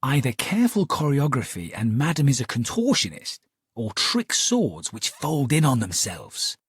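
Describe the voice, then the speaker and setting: A man voicing a sharp Victorian detective who makes quiet, clipped, dismissive asides. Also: mid-range voice, sing-song, normal speed, breathy edge, dry recording, clean studio sound. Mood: dry dismissive. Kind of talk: audiobook character voice.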